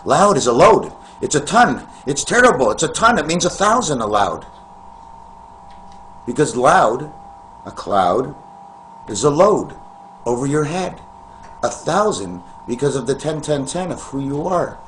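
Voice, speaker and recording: Guy rambling to his camera, kinda high voice, jumps topic to topic, faint hiss and hum behind. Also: sing-song, a little slow, long pauses. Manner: free-associating, meandering, sudden loud bursts. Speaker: vlogger.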